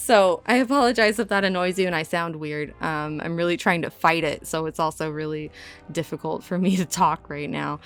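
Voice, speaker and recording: A woman's voice: fairly low pitch, moderate pace, smooth, faint music behind. A young woman from Southern California with a slight Minnesotan twang, chatting casually and rambling over her game build in a self-deprecating way.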